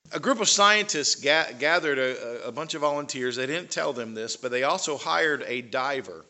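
A man's voice: medium pitch, sharp tone. A man giving a conversational talk to a live audience, with fillers and rising emphasis on key points. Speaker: speaker.

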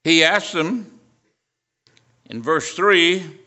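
A man's voice: medium pitch, unhurried, pauses often, bright, forceful tone. An older man preaching a sermon, telling a story and building to fervent emphasis.

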